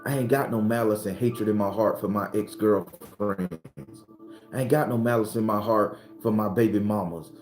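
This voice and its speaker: A man's voice: on the low side, normal speed, darkish tone, roomy sound, soft background music. A man with a Southern accent giving an earthy, emphatic spiritual talk to his followers, repeating his points. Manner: earthy, preachy, repetitive and emphatic. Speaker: spiritual teacher.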